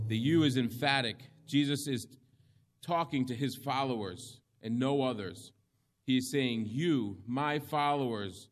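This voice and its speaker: A man preaching a sermon, reading scripture in slow, measured phrases with emphatic pauses. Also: mid-range voice.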